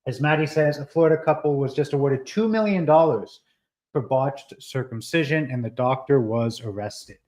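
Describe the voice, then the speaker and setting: A man hosting a casual live stream, talking in an animated way with many fillers and restarts. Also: medium pitch, normal speed, low-quality recording. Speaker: livestream host.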